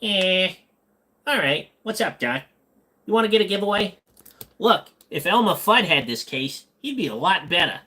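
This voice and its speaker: A man's voice: high voice, animated, normal speed, sharp tone, voice pushed up. A man voicing a cheeky, wisecracking cartoon rabbit in a cocky, teasing way.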